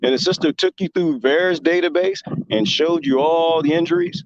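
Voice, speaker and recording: A man's voice: on the high side, moderate pace, dull audio, a little hiss or hum. A man hosting a talk show in casual commentary, passionate and rambling as he makes his point. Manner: impassioned, rambling, with lively imitated quotes. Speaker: show host.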